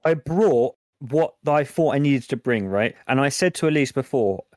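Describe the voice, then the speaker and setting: A young man, chatting casually as a podcast co-host and telling animated stories. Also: medium pitch, normal speed, dry recording, clean studio sound. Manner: animated storyteller, acts out game characters. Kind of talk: casual chat.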